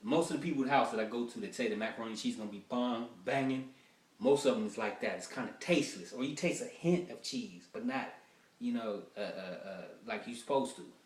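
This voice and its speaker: Casting: male comic, mid-pitched, rough-draft stand-up, heard off-mic in an echoey room. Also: a little fast, distant mic. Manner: loose, rambling, acts out quoted voices. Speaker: stand-up comedian.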